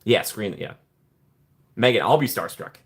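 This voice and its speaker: A man hosting a casual live stream, chatting warmly with viewers and greeting them by name from the chat. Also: on the low side, measured pace, breathy edge. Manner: playful put-on excited voices when joking. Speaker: livestream host reading chat.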